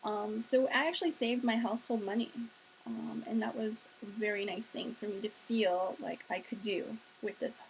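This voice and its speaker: A woman's voice: medium pitch, steady tone, moderate pace, gravelly, rough recording. A woman casually telling a personal story in a chatty manner, laughing and acting out the quotes. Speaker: sales leader telling her story. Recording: faint hiss.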